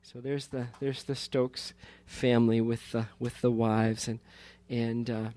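This man's medium-pitched, mellow voice barely moves in pitch as he speaks unhurriedly. He's a pastor in his fifties giving casual pulpit talk that meanders warmly, with frequent sentence restarts and laughter.

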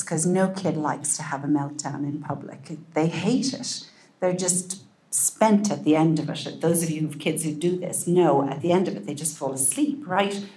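A woman giving a calm, gentle talk to parents, often dropping to a soft hush. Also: sits low, a little hiss or hum. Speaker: parenting speaker. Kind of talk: talk to an audience.

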